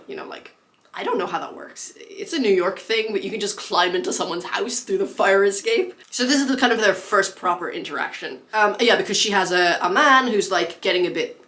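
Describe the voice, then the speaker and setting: A woman's voice: mid-range voice, a bit bright. A young adult woman chatting casually about books as a vlogger, with many fillers and frequent laughs. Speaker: book vlogger. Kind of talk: casual book chat.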